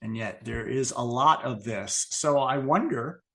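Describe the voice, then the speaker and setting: A man's voice: mid-range voice, measured pace, gravelly, a bit bright. A man co-hosting a podcast, chatting casually about comics and thinking aloud. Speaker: podcast co-host. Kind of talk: casual comic book chat.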